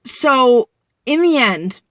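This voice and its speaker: A woman's voice: sits high, animated, very slow, fairly bright tone, dry recording, studio quality. Young woman venting in a rambling vlog. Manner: rambling, venting, frequent restarts. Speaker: vlogger. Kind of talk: candid personal storytelling.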